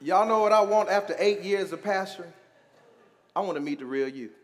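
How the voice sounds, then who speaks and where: Brief: emphatic male pastor, high voice, call-and-response sermon, long reverb. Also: fairly quick. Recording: echoey church hall.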